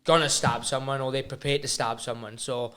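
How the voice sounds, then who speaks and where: A man speaks quickly at a middle pitch, chatting casually. His tone is relaxed and conversational. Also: slight background noise. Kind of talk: casual chat.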